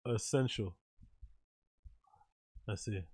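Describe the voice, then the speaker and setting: A man's voice: fairly low pitch, very slow, a little mellow, slightly rough, dry recording, clean studio sound. A man hosting a reaction video, rambling, joking and swearing freely as he comments.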